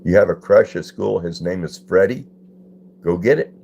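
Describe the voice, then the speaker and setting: Gravelly deep-voiced man chatting. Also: normal speed, dark tone, muffled recording, a little hiss or hum. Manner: laid-back, greets chatters by name and reads comments aloud. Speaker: livestream host. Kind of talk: casual livestream chat with viewers. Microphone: phone.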